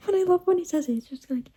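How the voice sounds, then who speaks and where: A woman's voice: extremely high pitch, dark tone, low-quality recording. A young woman chatting in a reading vlog, gushing and laughing often, sometimes dropping into whispers. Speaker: book vlogger. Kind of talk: casual reading vlog chat.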